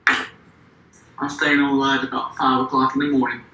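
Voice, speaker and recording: A woman's voice: rumbling low, little pitch movement, unhurried, pushed and bright, echoey room, rough recording. A young adult woman bantering on a stream call, cocky and challenging in a joking way.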